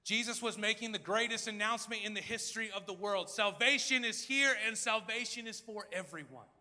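A man preaching a sermon in a dramatic style, acting out crowd voices and swinging between loud and hushed. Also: sits high, fairly quick, big-room sound. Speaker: pastor. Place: large church hall.

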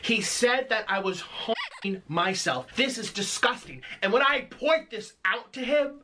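An angry man rants at length in a response video, veering between sarcasm and outrage. His voice is bright and sharp, with a faint hiss of noise underneath. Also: very high voice, wildly swooping pitch, a little slow. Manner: furious, sarcastic, mocking. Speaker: YouTuber posting a response video. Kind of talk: angry ranting monologue.

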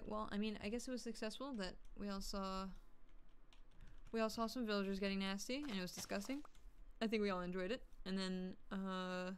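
Woman, gaming streamer, crude jokey chatter, hums to herself, faint background noise. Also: medium pitch. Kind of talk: casual gameplay commentary.

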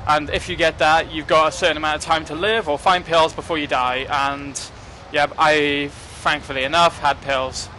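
Young man, casual gameplay commentary, jokey and cursing, raised pitch, sharp tone. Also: moderate pace, few pauses, slight background noise. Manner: excitable, joking and cursing at the game. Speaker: gaming commentator.

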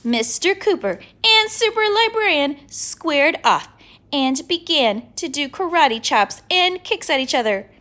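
A woman reading a children's book aloud in an expressive, playful way. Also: sits high, a little slow. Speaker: storybook reader.

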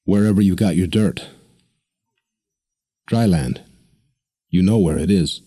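A man's voice: low-pitched, slow pace, dark tone, slightly rough, exaggerated voice. A man voicing a desperate, stubborn young woman who pleads and insists. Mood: earnest.

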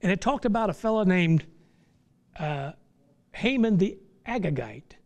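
High-voiced preacher man, folksy, building to fervor. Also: animated, unhurried, darkish tone. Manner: folksy, rises to impassioned crescendos. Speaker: pastor. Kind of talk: sermon.

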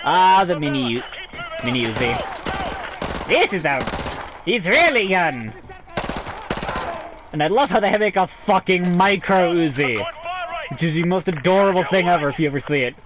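A man's voice: moderate pace, pauses often, noisy background. A young man casually commenting while playing a shooter, swearing, laughing and yelping. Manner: excitable, swears, laughs often, sudden high yelps. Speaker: gameplay streamer.

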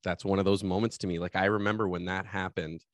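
A man's voice: low-pitched, little pitch movement, fast talker, no echo. A man hosting a podcast, also a coach, talking with enthusiasm in long flowing thoughts. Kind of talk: casual interview chat.

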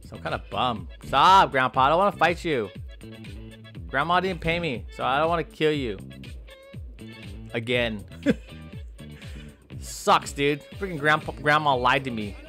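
A man's voice: medium pitch, animated, measured pace, long pauses, pushed and bright, faint music behind. A young man joking his way through gameplay commentary, rambling a silly story and yelping when things go wrong.

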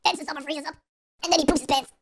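A man doing a shrill panicky teen girl. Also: steady tone, fast, a bit bright. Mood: mocking. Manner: shrill, dramatic whining. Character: panicky whiny teenage girl driver.

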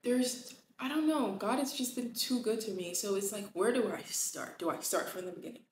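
A woman's voice: mid-range voice, expressive, moderate pace. A woman hosting a faith talk podcast, speaking expressively and emphatically and repeating phrases for emphasis. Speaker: podcast host. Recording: echoey room with faint noise.

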